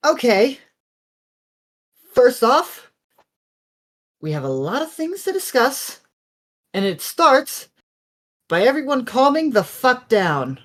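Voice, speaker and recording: Eros, a player yelling as a fed-up adventurer woman. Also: big pitch swings, takes it slowly, pauses often. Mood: stern, fed up. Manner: shouting, profane, high-pitched scolding. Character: exasperated woman adventurer scolding her party.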